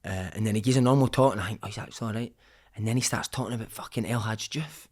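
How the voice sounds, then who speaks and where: Swearing, animated male storyteller. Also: on the low side, racing. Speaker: podcast guest, former footballer. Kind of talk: casual anecdote telling.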